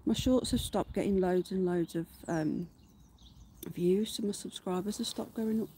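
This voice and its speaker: A woman's voice: medium pitch, moderate pace, dark tone, slight background noise. A woman hosting a casual livestream from her garden, chatting to viewers, greeting them by name and swearing offhand. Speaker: livestream host. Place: outdoors in a garden.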